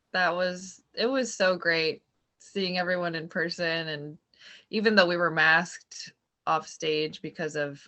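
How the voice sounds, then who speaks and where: A woman actress on a video call, speaking in a relaxed, soft way. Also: fairly low pitch. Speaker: actress, guest. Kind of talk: casual interview over video call.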